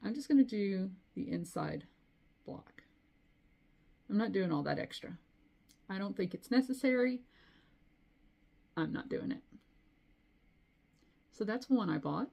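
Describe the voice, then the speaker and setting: A woman's voice: medium pitch, animated, measured pace, vocal fry, pauses often, mellow. A middle-aged woman chatting casually to camera as a cross-stitch vlogger, rambling with frequent asides. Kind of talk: casual chat.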